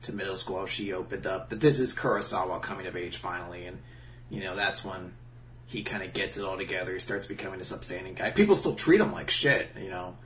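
A man in relaxed, joking casual chat, talking through a story with a co-host. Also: low-pitched, brisk, a little hiss or hum.

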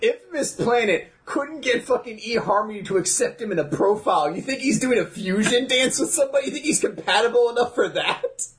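A man's voice: very high voice, expressive, fairly quick, few pauses. A man co-hosting a podcast in casual chat, laughing often and swearing now and then. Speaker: podcast co-host.

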